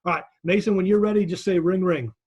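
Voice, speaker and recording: A man leads a class over a video call, giving direct, encouraging feedback. His voice sits a little high and he restarts phrases often as he talks. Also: steady tone, quick pace, a little mellow, slightly rough. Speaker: instructor.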